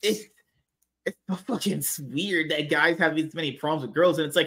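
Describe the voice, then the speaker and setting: A man's voice: fairly high pitch, normal speed, a bit bright. A man hosting a podcast, talking in a blunt, crude, sarcastic way and swearing often. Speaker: podcast host. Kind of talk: casual podcast chat.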